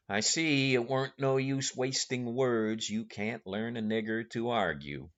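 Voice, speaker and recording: A man's voice: medium pitch, a little slow, few pauses, fairly bright tone, dull audio. A man reading a first-person novel aloud in a folksy, conversational storytelling manner. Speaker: audiobook narrator.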